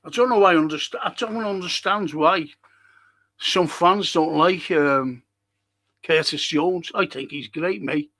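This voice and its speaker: A man's voice: on the high side, measured pace, pushed and bright. An older man hosting a live podcast, reading viewer comments and talking in a rambling, passionate way, swearing freely. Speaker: podcast host.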